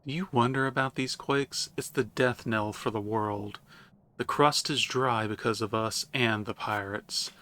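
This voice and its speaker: A man's voice: medium pitch, fairly even intonation, a little slow, bright, forceful tone. A man voicing a haughty, commanding queen mother while reading game dialogue aloud. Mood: cold, scornful. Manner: stately, commanding and condescending. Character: haughty regal mother-queen, ruler of a religious city.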